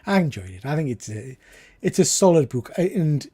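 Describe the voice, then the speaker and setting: A man hosting a casual live charity stream, chatty and enthusiastic, with frequent quiet asides. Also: a little high, sing-song, brisk, husky. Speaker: livestream host.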